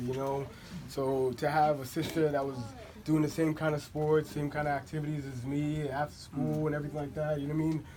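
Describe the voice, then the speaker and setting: A man in his twenties giving a loose, joking birthday toast, full of "um" and "you know what I mean". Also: medium pitch. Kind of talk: casual party speech. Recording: loud crowd around.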